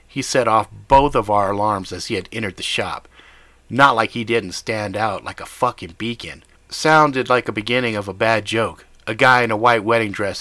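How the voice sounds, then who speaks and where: A man's voice: on the low side, sharp tone, dry recording. A man narrating a gritty first-person story in a profane, blunt manner. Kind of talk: scripted fiction narration.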